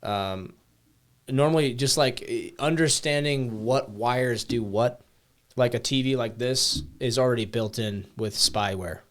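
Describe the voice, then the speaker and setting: A man's voice: medium pitch, unhurried. A man on a casual podcast explaining things loosely, with plenty of fillers and casual swearing. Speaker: podcast co-host.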